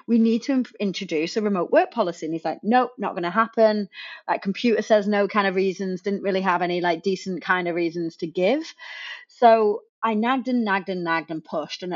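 A woman's voice: on the low side, lo-fi sound. A woman, a podcast guest telling her story in a chatty, laughing way. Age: 30s. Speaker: podcast guest, remote work coach. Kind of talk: casual interview chat.

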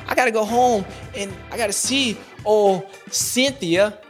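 This is a man hosting a recap, his voice a little on the high side. He rambles through his points in loose, playful slang. His pitch jumps around all the time. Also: a little slow, faint music behind. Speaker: show host. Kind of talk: casual rambling recap monologue.

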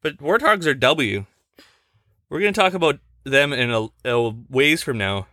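A woman's voice: extremely low pitch, lively intonation, a little slow, a bit bright, no echo, studio quality. A woman hosting a casual podcast chat with a child, speaking in a patient, coaxing, teacherly way into a desk microphone. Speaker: podcast host.

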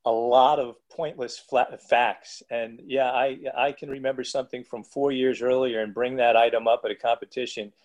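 A man's voice: medium pitch, flat delivery, normal speed, hardly any pauses, darkish tone. A man who plays the music at powerlifting meets, telling rambling, digressive stories in a casual podcast chat with many restarts.

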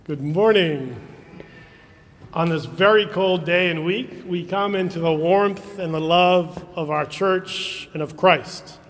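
A man preaching a gentle children's sermon in a church, asking the children questions as he retells a gospel story. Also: high voice, takes it slowly. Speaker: priest. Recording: long church reverb.

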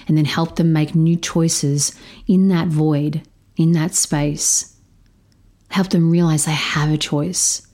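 A woman's voice: deep voice, steady tone, slow, warm tone. A woman hosting a solo podcast, talking frankly and emphatically about parenting, with plenty of swearing. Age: adult stepparent. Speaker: podcast host.

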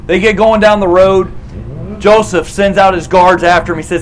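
A man with a high voice preaches by telling the story casually and animatedly. He slips in quick acted quotes as he goes. Faint background noise sits under his voice. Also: steady tone, poor audio. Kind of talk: storytelling sermon.

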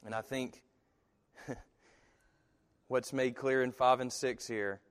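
A man preaching a sermon who tells stories in an animated way and slips into other people's voices when he quotes them. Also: mid-range voice, slow pace, clean tone, big-room sound. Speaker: pastor.

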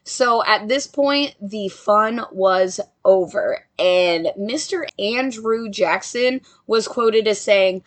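A woman's voice: mid-range voice, slow, few pauses. A young woman casually narrating a ghost story, with joking asides to her listeners.

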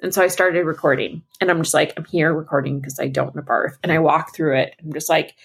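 A woman's voice: deep voice, fairly even intonation, quick pace, vocal fry. A young woman co-hosting a podcast, telling a story in casual chat and acting out both sides of the conversation. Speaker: podcast co-host.

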